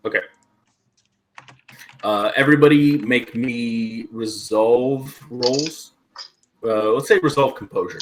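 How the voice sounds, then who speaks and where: A man narrates a tabletop game as game master, taking his time and filling gaps with ums. His voice sits in a mid range at a slow pace. A faint hiss and keyboard clicks run under him. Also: medium pitch. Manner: slow, hesitant, many ums and uhs.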